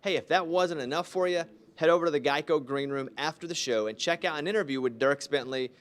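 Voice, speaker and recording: Man, fairly high voice, live radio host, upbeat, polished. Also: quick pace, smooth. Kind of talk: live broadcast hosting.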